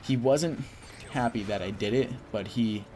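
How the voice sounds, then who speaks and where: A man's voice: medium pitch, measured pace, warm tone. A young man telling a rambling personal story to his viewers in a casual, offhand way. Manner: rambling, quotes people with "I'm just like". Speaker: vlogger.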